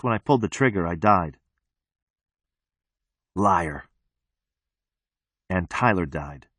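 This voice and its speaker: A man narrating an audiobook in the first person, with a flat, detached delivery. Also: lowish voice, dry recording, studio quality.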